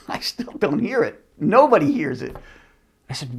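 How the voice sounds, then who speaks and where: A man's voice: fairly high pitch, measured pace, vocal fry, breathy edge. A middle-aged man hosting a show, telling a story from his career in a casual monologue and acting out the other people in it. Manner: animated, acts out other people's voices. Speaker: host, company CEO.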